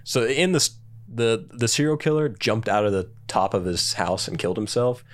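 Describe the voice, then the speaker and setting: A man's voice: lowish voice, normal speed. A man chatting casually as a podcast co-host, laid-back and agreeable. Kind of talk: casual chat.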